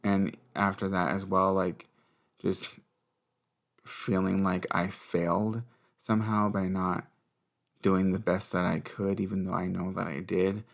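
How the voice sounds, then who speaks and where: A man's voice: low-pitched, level tone, measured pace, vocal fry. A young adult man hosting a podcast, candidly telling a personal story in casual chat, swearing freely and acting out what people said. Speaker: podcast host.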